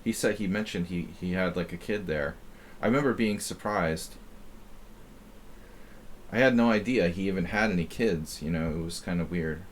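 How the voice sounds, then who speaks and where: A middle-aged man with a deep, low-pitched voice rambles through a story while hosting a chess stream. He talks in a halting way, full of fillers and false starts. A faint hum of room noise sits behind him. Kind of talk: casual chat while playing.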